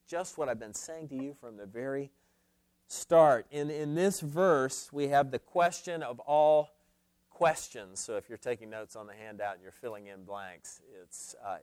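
This Bible teacher has a medium-pitched, darkish, clean voice with no room sound. He gives an earnest, emphatic expository lesson to a class and poses questions to his listeners.

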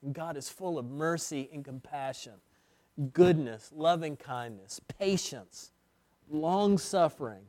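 A male pastor preaching an expository sermon at a slow, deliberate pace, with a slightly higher voice. He stretches phrases and repeats words for emphasis. The sound is dry and close. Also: a little mellow, no room sound.

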